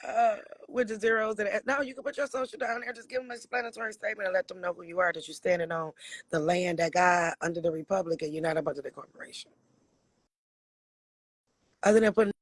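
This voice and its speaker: A man from Michigan with a raspy voice hosts a casual livestream, answering viewers' questions bluntly with frequent swearing and laughter. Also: high-pitched, quick pace, dry recording. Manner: blunt, profane, laughs often. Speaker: livestream host.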